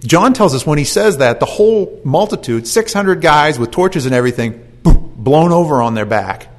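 A man's voice: a little high, moderate pace. Folksy storytelling male preacher. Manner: folksy, animated storytelling with asides. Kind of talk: sermon.

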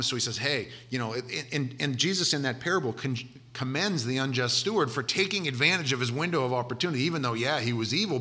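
Man, preacher, conversational sermon, bright forceful tone, animated storytelling. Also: mid-range voice. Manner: conversational and animated, acting out voices of disciples.

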